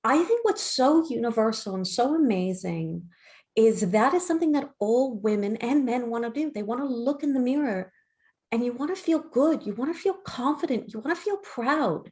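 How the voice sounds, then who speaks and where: A woman's voice: expressive, moderate pace, darkish tone. A middle-aged woman hosting a live skincare shopping broadcast, talking with enthusiastic sales energy. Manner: enthusiastic, sales-pitch delivery. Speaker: skincare brand host.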